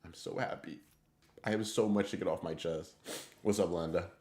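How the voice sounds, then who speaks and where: A deep-voiced man hosts a live stream and talks casually with his viewers. He rambles in excitable bursts and swears freely as he answers them. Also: moderate pace. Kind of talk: casual livestream chat reading viewer messages.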